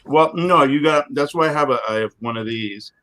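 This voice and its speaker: A man's voice: a little high, moderate pace, over a noisy crowd. A man hosting a casual livestream chat on a video call, reading viewer comments aloud between bites of food. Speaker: host.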